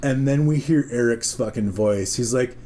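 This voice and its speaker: A man's voice: mid-range voice, normal speed. A man telling a long story in a casual chat, swearing freely and acting out the voices of the people in it. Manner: profane, animated, acts out the voices of people in his story. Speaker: podcast co-host telling a story.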